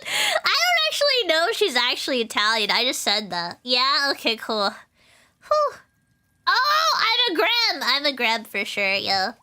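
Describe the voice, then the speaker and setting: A woman's voice: high-pitched, wildly swooping pitch, unhurried, pushed and bright. A young woman streaming, chatting casually in a bubbly, rambling way, getting teary and giggling. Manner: bubbly, giggly, rambling with many likes and ums. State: teary, emotional. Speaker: VTuber streamer.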